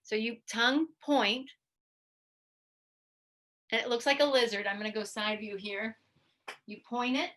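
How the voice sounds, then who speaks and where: A woman physical therapist giving an instructional talk, lively and demonstrating goofy mouth sounds as she teaches. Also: fairly high pitch, unhurried, pauses often. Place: video presentation to a study club.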